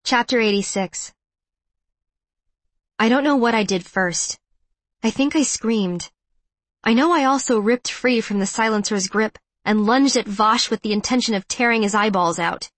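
Intense first-person audiobook narrator, woman, fairly high voice, close studio mic. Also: a little slow, fairly bright tone, no echo.

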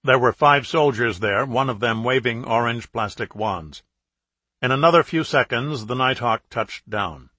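A man narrating a thriller audiobook in steady, clear storytelling. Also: mid-range voice, measured pace, dry recording. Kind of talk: scripted narration.

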